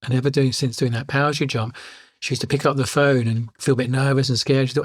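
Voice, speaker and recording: A man who coaches people speaks in a calm, reflective way and comes back to his main points. His voice has a slightly husky grain at a middle pitch. The recording is close and dry, with no room sound. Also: fairly quick, dry recording. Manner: calm storytelling, repeats key lines. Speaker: life coach. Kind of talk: reflective podcast monologue.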